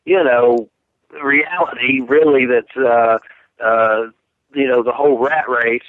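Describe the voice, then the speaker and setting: A man's voice: mid-range voice, steady tone, slow pace, dry recording. Male phone-in guest, earnest and rambling, tinny dry phone line. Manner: earnest, rambling, many fillers. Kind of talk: casual radio interview.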